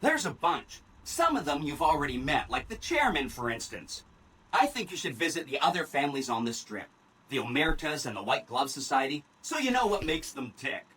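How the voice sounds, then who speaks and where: Chirpy game robot guy, super upbeat, high bright voice with a husky edge. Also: sing-song, moderate pace, exaggerated voice, poor audio. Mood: cheerful. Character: cheerful male robot assistant, eager.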